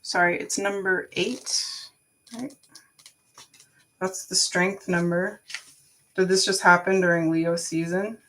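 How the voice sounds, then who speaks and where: A woman's voice: fairly low pitch, a bit bright. A woman giving a live-stream tarot reading, chatty and frank, talking to her viewers by name. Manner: frank, swears casually. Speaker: tarot card reader.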